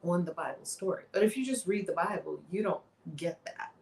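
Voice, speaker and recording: A woman guest retelling a story in a lively way, voicing the people in it as she goes. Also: lowish voice, fairly quick, creaky, roomy sound, low-quality recording. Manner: lively retelling with voiced quotes. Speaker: guest author and minister. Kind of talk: animated storytelling in a chat.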